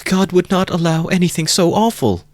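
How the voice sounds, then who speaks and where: A man's voice: sits high, normal speed, dry recording, voice pushed up, close to an everyday voice. A man voicing a frightened, anguished young woman who cries out in desperate pleading, in an audiobook reading. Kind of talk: audiobook character voice.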